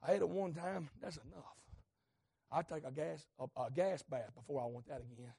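A man preaches a sermon. His delivery is folksy and conversational, and it rises often into fervent shouting. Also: a little high, normal speed, gravelly, breathy edge.

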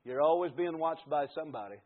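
A man preaching a fervent sermon, dropping to quiet asides and then building to shouted climaxes. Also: high voice, moderate pace. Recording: tinny phone-like radio broadcast.

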